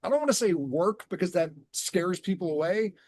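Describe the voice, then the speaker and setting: A man telling his story in an earnest, measured way and slowing down on key words, as a guest on a conversational show. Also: sits high, animated, darkish tone, no echo. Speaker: guest, transformation coach.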